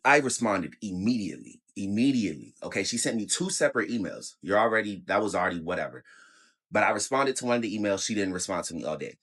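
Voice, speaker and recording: Guy ranting to the camera, kinda low voice, heated and cussing a lot. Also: lively intonation, quick pace, a bit bright, breathy edge. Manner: heated, profane, storytelling. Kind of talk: casual rant to camera.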